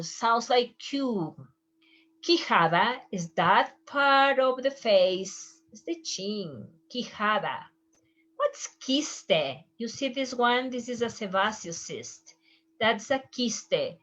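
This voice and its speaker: A woman whose first language is Spanish, teaching medical Spanish terms slowly, repeating each word twice and explaining as she draws. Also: mid-range voice, animated. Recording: dull lo-fi sound.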